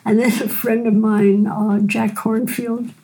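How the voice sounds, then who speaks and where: Older woman, gentle storyteller, gravelly and mellow tone. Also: a little high, flat delivery, poor audio. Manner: gentle unhurried storyteller, frequent "right?". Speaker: physician and teacher. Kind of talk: storytelling in a conversation.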